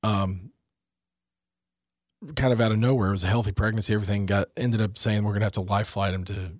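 A man's voice: fairly low pitch, fairly even intonation, brisk, no echo, clean studio sound. A man in his forties, earnest and reflective, talking about faith in a conversation and often repeating words as he starts.

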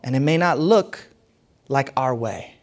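A man preaching a sermon as pastor, emphatic and animated, with big swings in loudness. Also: medium pitch, a little slow. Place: church hall.

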